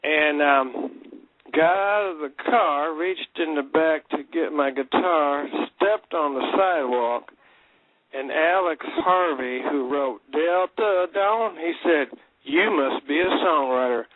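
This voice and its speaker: A man's voice: a little high, slow, no room sound. An older man with a Nashville drawl, a songwriter telling long, folksy stories as a guest on a radio call-in show. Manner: folksy, laughs easily, long rambling anecdotes. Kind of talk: casual radio interview. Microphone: phone call. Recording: tinny phone line.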